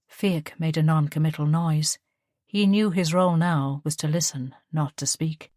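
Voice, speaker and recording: A woman narrating an audiobook in a steady, measured way. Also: low voice, dry recording, studio quality.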